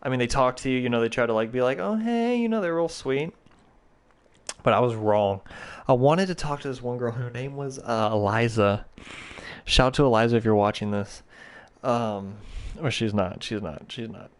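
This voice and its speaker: A man's voice: mid-range voice, moderate pace. Slangy young man rambling. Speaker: podcast host. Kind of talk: casual storytelling monologue.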